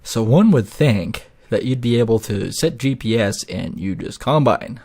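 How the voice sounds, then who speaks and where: A man talks over his gameplay in a loose, rambling way. His voice sits at an ordinary middle pitch. He swears freely and drifts into rants as he plays. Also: expressive, a little slow, a little mellow, breathy edge. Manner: rambling, profane and ranting. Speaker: gaming video host. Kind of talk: casual gameplay commentary.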